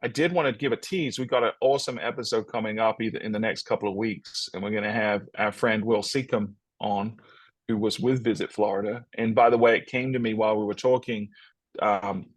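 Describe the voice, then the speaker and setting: A man's voice: on the low side, steady tone, brisk, no room sound. A man co-hosting a podcast, talking casually and upbeat, often repeating words as he restarts. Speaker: podcast co-host.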